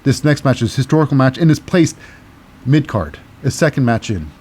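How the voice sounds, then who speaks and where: A man's voice: mid-range voice, sing-song, brisk, darkish tone, husky. A man hosting a casual wrestling recap podcast with a cynical, wry manner and many fillers. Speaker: podcast host.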